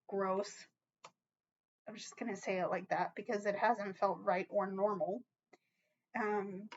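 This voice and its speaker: A woman giving a casual tarot reading to her viewers, chatty and reassuring, often checking in with a quick "okay?". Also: mid-range voice, darkish tone, muffled recording. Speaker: tarot reader.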